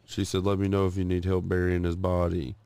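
A young man co-hosting a podcast, telling a story casually with heavy cursing and getting loud and high-pitched when he acts out arguments. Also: completely flat delivery, brisk, vocal fry, clear, resonant tone. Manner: profane, gets loud and high acting out arguments. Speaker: podcast co-host.

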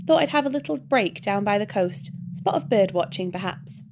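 A woman voicing a fussy, anxious male angel who speaks in a polite, hurried way. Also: mid-range voice, animated, lightly acted. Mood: fretful. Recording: background hiss.

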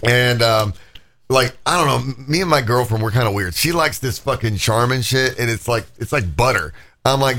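Bright-voiced, foul-mouthed male podcast host. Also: mid-range voice, moderate pace. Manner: profane, rambling, animated storytelling. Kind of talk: uncensored casual podcast chat.

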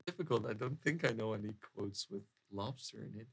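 A man's voice: on the low side, brisk, creaky, breathy edge. A man guessing quiz answers in casual chat, thinking aloud and laughing a lot. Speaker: quiz guest.

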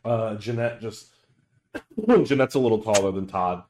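A man's voice: on the low side, unhurried, noisy background. A young man running a tabletop game as game master, casual and hesitant with many fillers.

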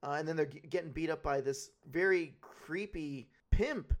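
A man's voice: a little high, normal speed. A man co-hosting a podcast in casual chat, rambling and swearing freely as he retells film scenes. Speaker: podcast co-host.

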